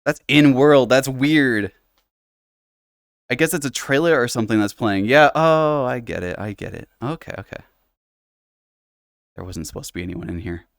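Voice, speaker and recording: A man's voice: mid-range voice, expressive, moderate pace, vocal fry, long pauses, fairly bright tone, no room sound. Rambling, laughing male streamer, dry sound. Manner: rambling, fillers and restarts, frequent laughs; swears casually. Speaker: livestreamer. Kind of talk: casual live-stream chat. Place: home setup playing in virtual reality.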